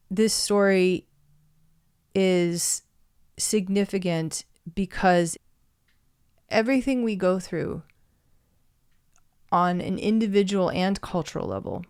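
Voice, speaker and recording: A woman's voice: mid-range voice, clear, resonant tone. A woman casually retelling an old myth and reflecting on why stories matter, in a thoughtful way. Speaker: storyteller. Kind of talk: reflective storytelling monologue.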